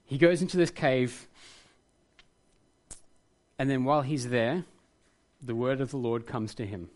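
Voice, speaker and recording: Preaching at a measured pace, a male pastor sounds earnest and thoughtful in a middle-pitched voice with a darkish tone. When he makes a point, his emphasis swells into passion.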